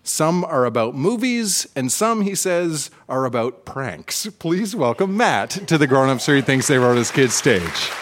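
A man's voice: mid-range voice, sing-song, unhurried, few pauses, a faint crowd. A man hosting a live show on a theatre stage, introducing the next reader with an upbeat emcee delivery. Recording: live theatre with audience and music.

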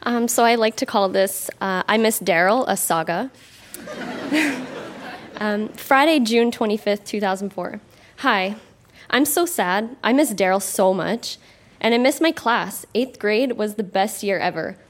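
A woman's voice: medium pitch, a little slow. A young woman from Canada reading her childhood diary aloud on a live stage, amused and breaking into laughter between entries. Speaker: reader on stage. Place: live stage before an audience.

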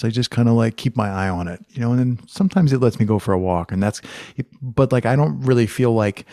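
A low-voiced man hosts a podcast conversation, his questions winding and hesitant with plenty of fillers. The sound is dry and close. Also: dark tone, no echo. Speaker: podcast host. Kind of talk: conversational interview.

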